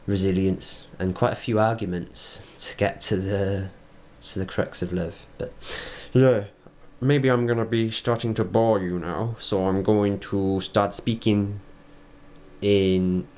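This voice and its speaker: Welsh guy, slow talker, kinda low voice, thinking out loud in a vlog. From Wales. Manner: earnest, reflective, halting with restarts. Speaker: vlogger. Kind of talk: personal video diary.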